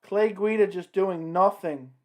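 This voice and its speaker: A high-pitched, slightly mellow man keeps a measured pace as he hosts a casual stream. He comments on a fight and chats with his audience, reacting to both.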